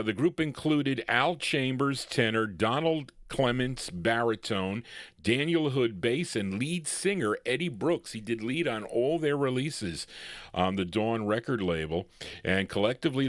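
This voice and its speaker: A man's voice: mid-range voice, lively intonation, a little slow, fairly bright tone, dry recording, clean studio sound. A man hosting a live oldies record show, chatting in rambling asides between records. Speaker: radio show host. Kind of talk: live radio DJ patter.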